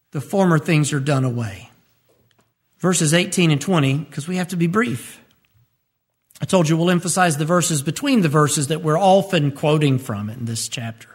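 A man preaching a radio sermon as pastor, repeating key phrases and rising sharply in pitch when he stresses a point. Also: animated, moderate pace, slightly rough.

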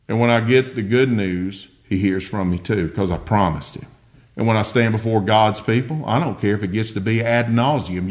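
An older man preaching a sermon, folksy and earnest, telling homely stories with humor. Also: medium pitch.

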